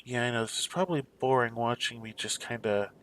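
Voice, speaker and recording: A man in a mid-pitched voice talks through a video game at an easy, rambling clip, half-mumbling to himself as he hunts around the map. A faint hiss sits under the recording. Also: brisk, fairly bright tone. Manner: mumbling to himself, musing and searching. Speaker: gameplay commentator. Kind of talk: casual let's play commentary.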